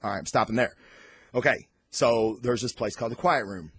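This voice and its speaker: A man giving a casual, excited comic book review on camera, rambling off on tangents and swearing freely. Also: medium pitch, brisk, husky, no room sound. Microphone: recorded on camera.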